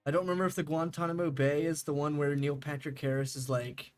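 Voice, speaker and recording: A man's voice: a little high, level tone, fast, soft background music. A young man streaming a game, chatting casually with viewers, rambling and laughing, swearing freely.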